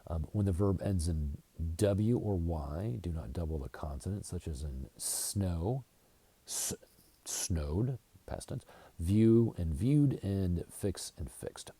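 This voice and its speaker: An American man teaching an English grammar lesson, going slowly and deliberately and spelling words out letter by letter. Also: deep voice, lively intonation, dark tone, breathy edge, no echo. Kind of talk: slide-based grammar lesson.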